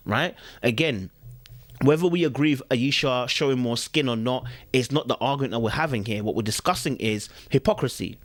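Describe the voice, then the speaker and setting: A man's voice: medium pitch, animated, fairly quick, dry recording. A young man, hosting a podcast and giving his opinion in casual commentary, with lots of repetition and rhetorical questions to listeners. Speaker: podcast host.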